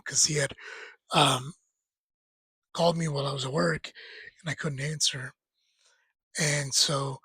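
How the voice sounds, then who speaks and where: A man's voice: fairly high pitch, slightly rough, dry recording, poor audio. A man in his thirties casually recounting a story about a late friend, rambling, laughing and sometimes tearful. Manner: rambling, laughs while retelling, quotes friend in lively voices. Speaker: storyteller sharing grief.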